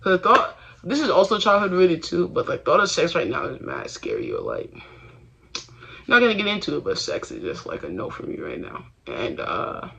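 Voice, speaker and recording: A man's voice: a little high, wildly swooping pitch, normal speed, creaky, pushed and bright, husky. A young man talking casually and confessionally to the camera, rambling with slangy phrasing, restarts and fillers. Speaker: vlogger. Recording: dull lo-fi sound.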